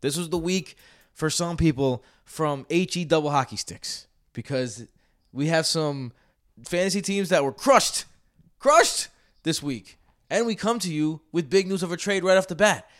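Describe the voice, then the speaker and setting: A man hosting a casual sports podcast, talking in an excitable, rambling way with frequent restarts. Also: fairly high pitch. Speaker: podcast host.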